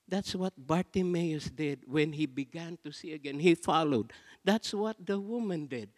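A man preaching a sermon as pastor, slow and dramatic, with big swings between soft and loud. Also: fairly high pitch, expressive. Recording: long reverb of a large hall.

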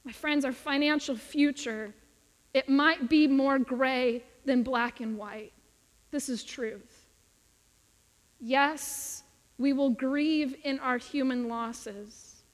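High-voiced woman preaching in a reverberant hall. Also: fairly even intonation, takes it slowly. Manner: earnest, emphatic, acts out quoted voices. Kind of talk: sermon.

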